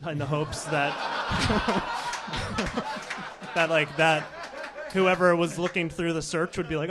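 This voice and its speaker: A man's voice: fairly high pitch, slow pace. A man on a live comedy podcast, telling a self-deprecating story between laughs. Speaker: podcast regular. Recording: live show with crowd noise.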